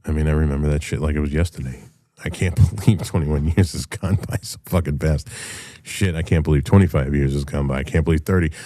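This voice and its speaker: A middle-aged rock musician hosts a show with a very deep, warm voice, speaking fast in studio quality with no room sound. His casual solo monologue is blunt, profane and passionate, rambling along with restarts.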